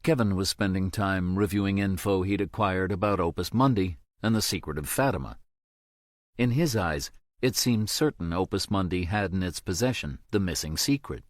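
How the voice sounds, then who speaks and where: A man narrating an audiobook in a steady, measured way. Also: low voice, no echo, studio quality.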